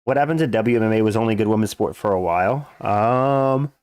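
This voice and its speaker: A man's voice: lowish voice, brisk, a little mellow, clean tone, dry recording, clean studio sound. A man live-streaming fights, chatting casually, reading out chat questions and answering them bluntly with crude jokes. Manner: blunt, joking, crude and dismissive.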